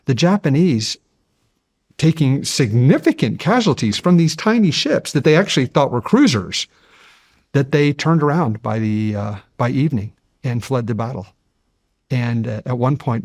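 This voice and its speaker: A man in his fifties speaks as a guest in a studio interview. His voice sits at an ordinary pitch, and his delivery is measured and earnest, warming into animated storytelling. The close mic sounds dry, with no room echo. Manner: measured and earnest, building to animated when recounting history. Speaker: guest, deep-sea explorer.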